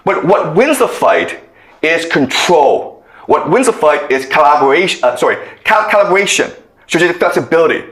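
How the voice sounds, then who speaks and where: A man's voice: on the high side, sing-song, moderate pace, fairly bright tone. A man giving a lecture, telling a story and often checking in with okay. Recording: echoey room.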